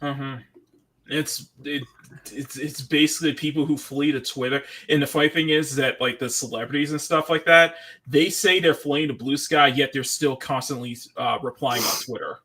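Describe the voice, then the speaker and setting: A man's voice: mid-range voice, steady tone, normal speed, bright, forceful tone. A man hosting a casual livestream chat, laughing often and reading out chat messages. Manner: chatty, laughs often, reads chat aloud. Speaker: livestream host.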